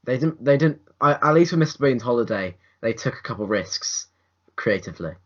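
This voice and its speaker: A young man co-hosting a casual film review podcast, rambling with restarts and lively put-on quotes. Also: mid-range voice, brisk. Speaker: podcast co-host. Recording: dull lo-fi home recording.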